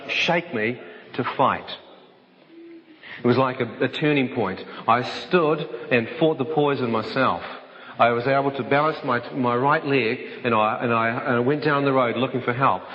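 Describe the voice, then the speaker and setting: A man telling a dramatic personal testimony to an audience, vivid and animated, acting out the voices in his story. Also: mid-range voice. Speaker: speaker giving a testimony. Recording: echoey hall, dull sound.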